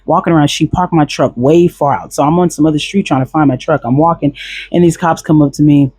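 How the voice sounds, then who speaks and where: Husky man, casual profane storyteller, dry close sound, quotes people as he goes. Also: a little high, quick pace, no room sound. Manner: blunt, profane, animated retelling with quoted voices.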